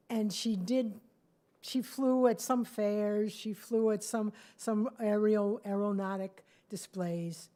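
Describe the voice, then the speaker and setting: A woman telling a story onstage in a small cafe, chatty and animated, with asides to the audience. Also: mid-range voice. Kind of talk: live storytelling performance.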